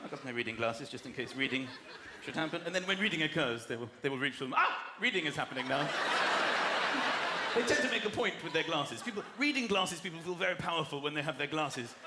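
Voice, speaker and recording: A man from the South of England doing a stand-up comedy routine, animated and acting out characters in silly voices. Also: fairly high pitch, fast talker. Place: theatre stage before a laughing audience. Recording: echoey live venue with loud crowd noise.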